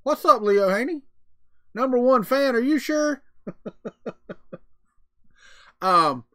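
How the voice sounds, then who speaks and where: A man's voice: extremely high pitch, lively intonation, slow pace, a bit bright, smooth, dry recording, studio quality. A middle-aged man, chatting casually on a live stream and answering his chat in a folksy way. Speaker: livestream host.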